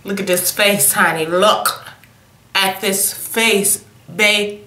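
A woman's voice: mid-range voice, steady tone, slow, pushed and bright, reverberant, a little hiss or hum. A young woman in a casual, sassy makeup review, sniffly from a cold and calling her viewers honey and y'all. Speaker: beauty vlogger.

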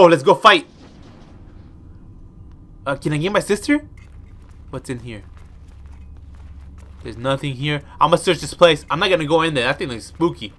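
Excitable young man gaming, bright voice. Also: fairly high pitch. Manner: excitable, talks to himself while playing; trash-talks enemies with mild swearing. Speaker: gaming video host. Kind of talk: let's play commentary. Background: faint background music.

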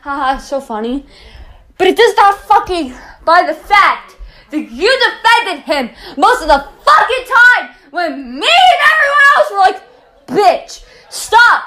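A woman delivering an angry podcast rant, swearing heavily and yelling, her voice breaking near tears. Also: very high voice, sing-song, unhurried.

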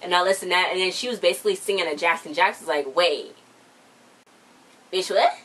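A woman's voice: on the low side, racing, fairly bright tone, low-quality recording. A young woman in her late teens, chatting casually as she recaps a TV episode, full of slang and fillers. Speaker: TV recap vlogger. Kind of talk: casual chat.

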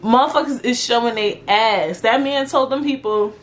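A young woman with a notably high voice hosts her podcast in a loose, profane rant. She hammers the same point again and again. Her delivery is animated and blunt. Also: moderate pace, hardly any pauses. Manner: profane, animated, repeats herself for emphasis. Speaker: podcast host. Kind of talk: casual rant.

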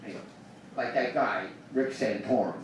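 At an open mic, a male stand-up speaks in a mid-range voice at a normal speed, rambling and alternating between mumbling and ranting. The recording comes from far back in a small club, echoey and noisy.

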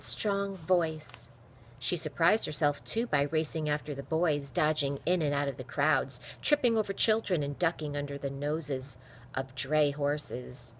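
A woman reading a children's novel aloud with expressive storytelling. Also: low-pitched, a little hiss or hum. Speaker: reader.

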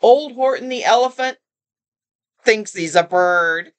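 An older woman reading a children's picture book aloud, expressive, often stopping to comment and to ask the listening child questions. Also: on the high side, slow pace, clear, resonant tone. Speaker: storyteller.

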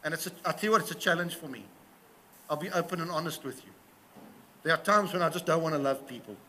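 A man preaching a sermon, speaking with passion and getting louder as he retells the stories. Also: a little high, fast talker, slight background noise. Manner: impassioned, rising in volume when retelling stories. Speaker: pastor.

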